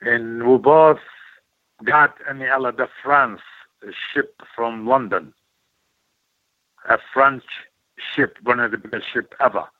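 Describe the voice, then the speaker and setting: An older man from Iraq, a former wrestler, telling animated stories as an interview guest and acting out quoted voices. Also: medium pitch, takes it slowly, pauses often, no echo. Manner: animated storyteller, acts out quoted voices, broken English. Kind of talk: storytelling in an interview. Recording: tinny phone-like audio, dry.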